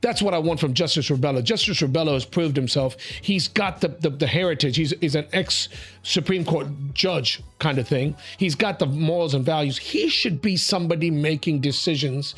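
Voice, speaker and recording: Male talk host, slightly high voice, emphatic and interrupting, faint music bed. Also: moderate pace, slightly rough. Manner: animated, emphatic, interrupts, calls people mate and sweetie; repeats words when building a point. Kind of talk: opinionated panel talk.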